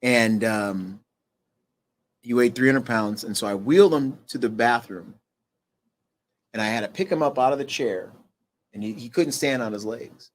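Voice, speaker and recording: The speaker is a middle-aged man with a mid-range voice, a guest on an interview program. His personal story comes out haltingly, with fillers and restarts, and he lowers his volume at the hard parts.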